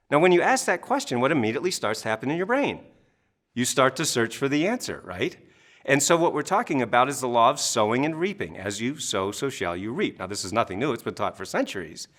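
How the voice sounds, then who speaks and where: A man in his fifties from Maine, a coach telling his story in an interview, energetic, laughing often and acting out his audiences. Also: mid-range voice, fairly quick. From Maine, USA.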